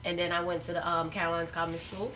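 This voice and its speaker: A woman comedian telling a casual story with a relaxed, wry manner. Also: fairly low pitch, quick pace, recorded from a distance, background noise. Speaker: comedian guest.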